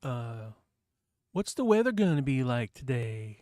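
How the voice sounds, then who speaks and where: A man's voice: a little high, animated, normal speed, darkish tone, clean studio sound. Brief: male stream host from New Hampshire, loose talky chat, no room echo. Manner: rambling, chatty, reads chat aloud. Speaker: livestream host. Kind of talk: casual chat with viewers.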